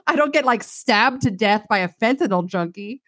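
With a fairly high pitch and a moderate pace, a woman retells a movie on the podcast she co-hosts, sardonic and casual. She acts out quoted lines and leans heavily on "like." There's no room sound, just clean studio audio.

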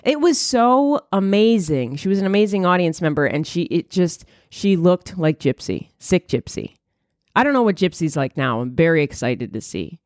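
A female comedian hosts a podcast, delivering a rambling, profane monologue that breaks into loud, high-pitched exclamations. She's very animated and speaks at a normal speed, recorded dry with clean studio sound.

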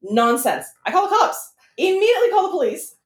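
A young woman co-hosting a podcast, telling a story in casual chat, animated and swearing freely. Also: very high-pitched, fairly quick, reverberant. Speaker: podcast co-host.

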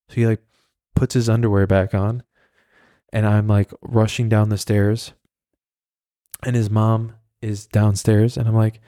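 Going solo on his podcast, a man spins a meandering, foul-mouthed story and chuckles at his own expense. He speaks a little slowly with long pauses, in a lowish, warm, level voice. Clean studio recording, no echo.

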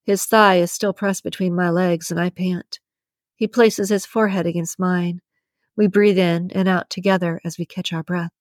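A woman reading a first-person romance novel aloud in a breathy, intimate narration. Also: lowish voice, level tone, moderate pace, no room sound, clean studio sound. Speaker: audiobook narrator.

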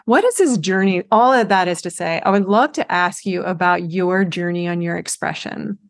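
A woman's voice: on the low side, moderate pace. A woman hosting a podcast interview, chatting in an enthusiastic, affirming way.

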